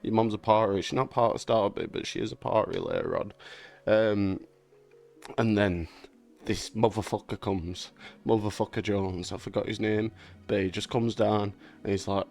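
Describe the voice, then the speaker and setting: Gravelly-voiced man rambling. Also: on the low side, fairly even intonation, moderate pace, darkish tone, faint music behind. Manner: swears freely, laughs often, loose and rambling. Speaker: gaming vlogger. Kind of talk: casual rambling chat.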